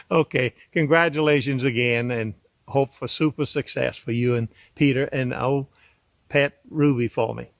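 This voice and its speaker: A man in his eighties with a folksy, rambling way of talking, giving a casual video shout-out. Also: mid-range voice, fairly even intonation, unhurried, creaky, pauses often, no echo. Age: 80s. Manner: folksy, rambling, with frequent fillers. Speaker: backpacking channel host giving a shout-out. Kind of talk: casual recorded video message.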